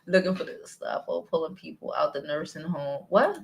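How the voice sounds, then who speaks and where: A woman with a Brooklyn accent hosting a casual live-stream chat, talking in an animated, blunt way and swearing freely. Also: low-pitched, normal speed, slightly rough. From New York City. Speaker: vlog host.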